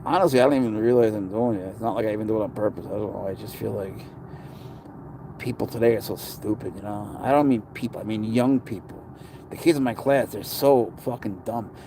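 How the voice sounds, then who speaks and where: Man, casual livestream chat, blunt and sarcastic, warm low-toned voice, outdoors with faint street noise. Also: a little fast, gravelly. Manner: chatty, blunt, sarcastic, with swearing. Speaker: pet owner streaming to viewers. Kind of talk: casual livestream chat reading viewer comments.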